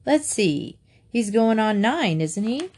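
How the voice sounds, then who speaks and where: A woman reading a storybook, voicing a hearty, jovial male doctor who talks in a brisk, reassuring way. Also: a little high, sing-song, darkish tone, breathy edge, heavily acted. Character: hearty, booming small-town male doctor.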